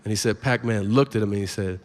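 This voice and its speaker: A man's voice: fairly low pitch, rapid-fire. A man performing stand-up on a comedy stage into a handheld mic, telling stories animatedly and acting out the quotes himself. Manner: animated storytelling with acted-out quotes. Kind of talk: stand-up set. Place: comedy stage before a live audience. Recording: live hall reverb with crowd noise.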